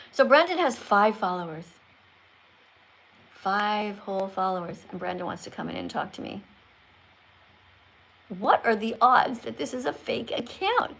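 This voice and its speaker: Her voice on the high side, a bit bright and touched with vocal fry, a sixty-something woman hosts a casual livestream. Between reading out viewer comments, she pokes fun at her callers.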